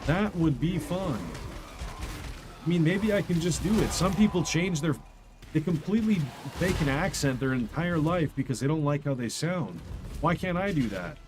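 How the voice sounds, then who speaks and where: Animated joking male streamer. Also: on the high side, moderate pace, noisy background. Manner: joking, animated, self-mocking. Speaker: game streamer. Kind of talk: casual live-stream chat. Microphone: studio condenser mic. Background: game music.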